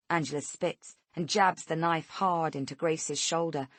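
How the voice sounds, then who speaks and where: A woman reading a tense first-person thriller in a steady storytelling voice. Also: on the low side, unhurried, few pauses, no room sound. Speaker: audiobook narrator.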